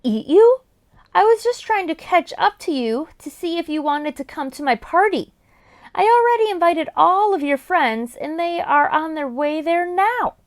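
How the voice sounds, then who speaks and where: Woman playing a big lonely troll-ogre, storybook, gentle, shy, lilting. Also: very high voice, lively intonation, moderate pace, pitched above the performer's own voice. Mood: friendly.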